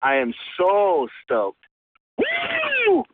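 A man's voice: medium pitch, animated, measured pace, background noise. A male caller leaving a rambling, profane, overexcited voicemail from his car. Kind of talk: excited fan voicemail. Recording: tinny phone line.

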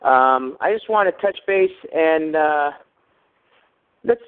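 A man's voice: on the high side, slow pace, clear, resonant tone. A man calling a fan show, worked up and rambling, with many fillers and curses. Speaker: caller. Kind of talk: phone-in fan message. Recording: phone line.

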